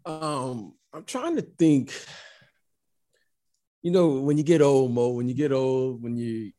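A man's voice: medium pitch, takes it slowly, mellow. Easygoing man in his fifties. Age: 50s. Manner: easygoing, reflective storytelling. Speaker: podcast co-host, former pro player. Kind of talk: casual sports chat.

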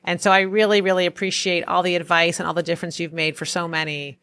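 A woman's voice: fairly low pitch, level tone, quick pace, fairly bright tone. A woman doctor who hosts a podcast, speaking effusively and gratefully, with stammered repeats. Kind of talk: interview and podcast outro.

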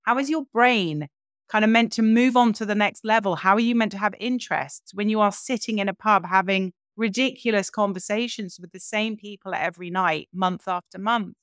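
A woman's voice: medium pitch, moderate pace, no room sound, clean studio sound. A woman, a podcast guest telling her own story in a frank, reflective way. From London, England. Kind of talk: candid personal storytelling.

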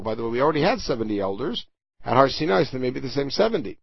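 A man teaches Torah verse by verse, his voice gravelly and a little husky, with a lively rise and fall. He reads a Hebrew line, then explains it in English, often stopping to hunt for the right word. The recording is dry and somewhat dull. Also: medium pitch, quick pace, dry recording.

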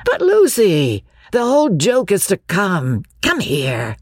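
A woman voicing a charming, teasing young English gentleman with an arch, mock-grand manner. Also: medium pitch, huge pitch swings, takes it slowly, no room sound, studio quality, voice pushed up, exaggerated voice.

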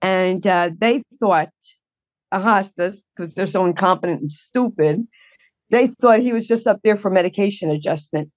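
A woman's voice: mid-range voice, moderate pace, no room sound, muffled recording. A woman guest telling her caregiving story in a blunt, indignant way. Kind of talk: emotional personal account.

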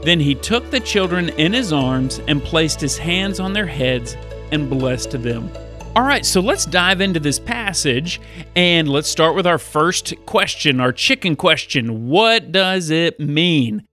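A male pastor who hosts a Bible podcast, telling stories and teaching preteens in an upbeat, animated way. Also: fairly high pitch, a little slow, faint music behind.

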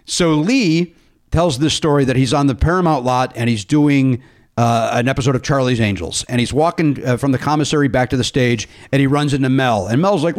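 A man's voice: mid-range voice, fairly quick. A man hosting a casual comedy podcast, telling stories and acting out the people in them with raised voices. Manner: animated storyteller, acts out quotes in raised voices. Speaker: podcast host.

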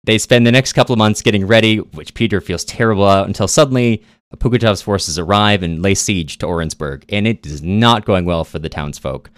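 Deep-voiced man recapping a novel wryly. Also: fairly quick, no echo. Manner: wry, dry asides while retelling. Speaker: podcast co-host. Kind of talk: casual book recap.

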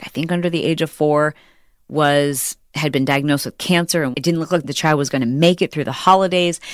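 A middle-aged woman hosting a podcast, telling a story in an animated, chatty way and acting out the people she quotes. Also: low voice, no room sound, studio quality. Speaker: podcast host. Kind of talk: casual chat.

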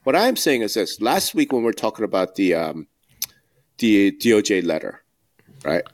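A man's voice: lowish voice, very animated, normal speed. A man co-hosting a podcast, talking bluntly and emphatically, firing off rhetorical questions. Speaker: podcast co-host. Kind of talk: casual podcast discussion.

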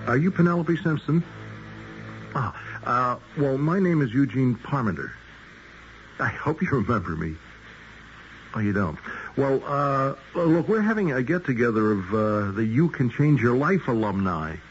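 A man's voice: mid-range voice, big pitch swings, unhurried, soft background music. An actor playing a nervous, ingratiating man on one side of a phone call who fumbles and hesitates, in a 1970s radio drama. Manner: fumbling, over-eager, full of hesitations. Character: nervous, ingratiating man calling an old acquaintance. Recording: dull lo-fi 1970s radio recording.

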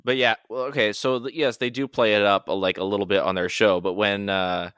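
A man's voice: on the low side, fairly even intonation, a little fast, fairly bright tone, clean tone, no room sound. A man co-hosting a casual podcast, making dry sarcastic asides. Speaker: podcast co-host. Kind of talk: casual chat.

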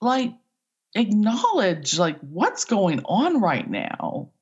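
A woman's voice: medium pitch, huge pitch swings, drawn-out words, a little mellow, muffled recording. A woman talent agent in a casual podcast interview, chatty and rambling as she tells stories about her work.

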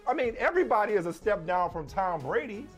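A man co-hosting a sports talk show, talking casually in an animated, slangy, emphatic way. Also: high-pitched, quick pace, soft background music. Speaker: sports podcast co-host. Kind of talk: casual chat.

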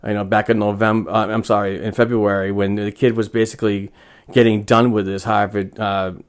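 A man talking in casual sports chat, rambling and agreeable, with halting restarts. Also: fairly low pitch, flat delivery. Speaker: podcast co-host.

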